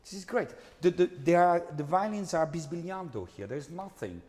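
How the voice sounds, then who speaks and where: Earnest conductor coaching singers in a hall. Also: male voice, fairly high pitch, sing-song, moderate pace, a little mellow. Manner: earnest, repetitive coaching with frequent tag questions. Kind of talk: master class coaching. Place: concert hall. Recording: hall reverb with faint background noise.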